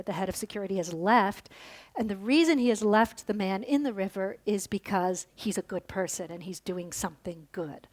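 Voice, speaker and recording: A woman speaks at a conference podium in a mid-range voice, telling a story before unpacking its meaning. She explains things plainly and often pauses on fillers and restarts as she goes. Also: medium pitch, darkish tone. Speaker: lecturer. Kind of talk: conference lecture. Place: lecture hall.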